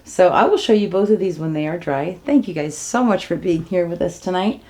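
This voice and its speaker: A woman with a lowish, darkish voice speaks a little fast as she hosts her art channel as an acrylic pour artist. She chats casually through a paint-pouring demo, bubbly and gushing, laughing often.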